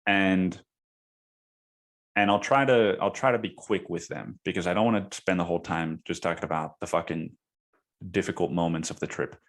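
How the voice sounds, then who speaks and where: A young man with a deep voice hosts his podcast and tells a story. He talks casually, swears freely and tosses in "dude" every few lines. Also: steady tone, moderate pace, fairly bright tone. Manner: casual, profane, says "dude" a lot. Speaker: podcast host.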